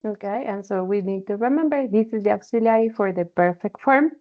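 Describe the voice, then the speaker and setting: A woman's voice: medium pitch, a little fast. A woman teaching an online English class, explaining patiently and checking in often with "okay?". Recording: dull lo-fi call audio.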